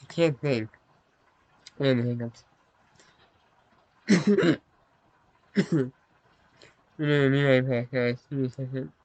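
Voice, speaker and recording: A man's voice: mid-range voice, slow pace, long pauses, a little mellow, no echo, poor audio. A man narrating his playthrough of a story game in a chatty, self-conscious way. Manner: apologetic, self-conscious aside. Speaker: gameplay narrator.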